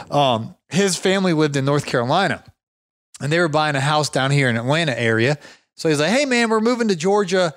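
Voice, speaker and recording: A man hosting a podcast, giving business advice in a chatty, energetic way with frequent chuckles and storytelling asides. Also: mid-range voice, no room sound, studio quality. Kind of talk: casual motivational talk with anecdotes.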